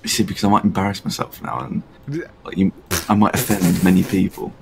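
British man, gaming co-host, deep gravelly voice, dry humor. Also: a little fast, rough recording. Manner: wry, deadpan. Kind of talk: casual gaming chat.

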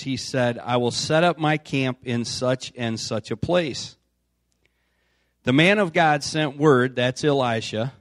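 An American pastor preaches an informal sermon in a church, reading scripture aloud and dropping in casual asides. His mid-range voice is captured at studio quality with no room sound.

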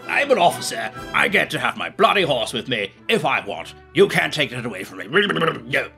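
A man's voice: mid-range voice, sing-song, normal speed, creaky, sharp tone, soft background music, heavily acted. A man voicing a pompous, entitled army officer, haughty and indignant.

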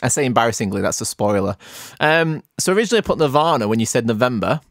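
A man's voice: medium pitch, animated, fast, dry recording, studio quality. A man hosting a podcast, chatting in a playful, jokey way. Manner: playful, jokey, self-mocking. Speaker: podcast host. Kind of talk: casual chat.

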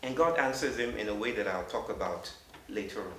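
A man's voice: on the low side, fairly bright tone. Earnest man in his thirties, distant hall. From Africa. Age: 30s. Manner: earnest, vulnerable, halting. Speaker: public speaker. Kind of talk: storytelling lecture. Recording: roomy hall from a distant mic with faint hiss.

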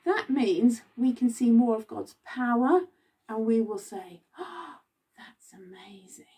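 A woman's voice: a little high, animated, unhurried, dark tone, breathy edge, recorded from a distance. A woman leading a children's Bible club, telling the story expressively and asking the children questions.

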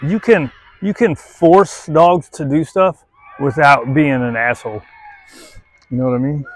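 A male dog trainer giving casual, on-the-spot commentary while he works a dog, blunt and quick to swear, tagging his points with "right?" and switching to a high coaxing voice for the dog. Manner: blunt, tags sentences with "right?", swears freely; coaxes the dog in a much higher voice between explanations. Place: outdoors at a playground jungle gym.

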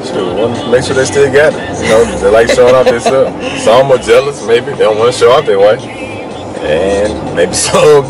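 A man chatting casually and answering questions in a relaxed, offhand way. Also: mid-range voice, moderate pace, over music, rough recording. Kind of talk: casual chat.

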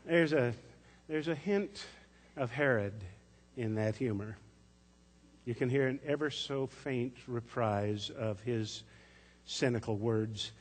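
A man preaching a sermon as pastor, telling a story in a gentle, measured way. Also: mid-range voice, slightly rough. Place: church sanctuary. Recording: echoey church sanctuary.

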